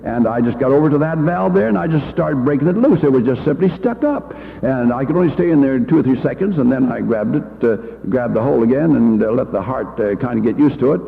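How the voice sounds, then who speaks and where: A man's voice: mid-range voice, lively intonation, fast talker, gravelly, hardly any pauses. An older man and church education leader giving a folksy, anecdotal talk full of homespun stories and fillers, heard on an old reel-to-reel recording. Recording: tinny old reel-to-reel in a hall.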